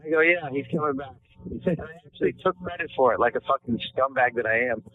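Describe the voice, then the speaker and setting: A man's voice: medium pitch, fast talker. Brash, profane man on a tinny line. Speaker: podcast host. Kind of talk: crude comedic banter. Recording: tinny phone-like audio.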